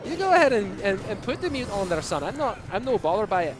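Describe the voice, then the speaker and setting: A high, excitable Scottish-accented caster, as a man puts the accent on calls the match live. The playful delivery sits over loud game music. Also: fast talker. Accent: put-on Scottish. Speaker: esports caster. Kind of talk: live esports commentary.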